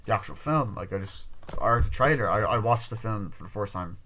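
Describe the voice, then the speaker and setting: A man's voice: fairly low pitch, animated, brisk, bright, forceful tone, slight background noise. Rambling, profane male movie reviewer. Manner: rambling and profane, with many restarts. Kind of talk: casual spoken movie review.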